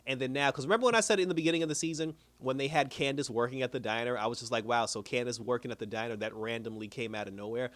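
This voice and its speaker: A man's voice: medium pitch, racing, few pauses, a bit bright, dry recording. A man giving a casual, slangy episode recap and review, laughing often as he retells scenes.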